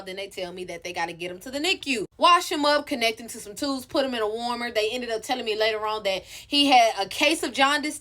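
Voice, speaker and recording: Bright-voiced woman telling a blunt storytime. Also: a little high. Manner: candid, profane, addresses viewers directly. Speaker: storytime vlogger. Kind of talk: casual storytelling.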